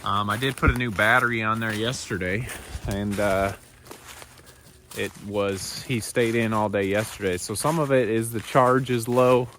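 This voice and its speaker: A man's voice: lowish voice, fairly even intonation, normal speed, fairly bright tone. A man who runs a small farm, casually narrating a vlog while walking his wooded pasture and chatting to his animals. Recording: outdoor ambience with clear background noise.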